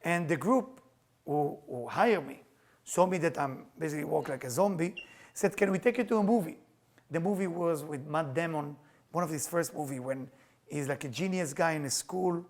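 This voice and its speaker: A middle-aged man, a spiritual teacher, telling personal stories in an animated, earnest lecture, in halting broken English. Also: on the high side. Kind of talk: storytelling lecture.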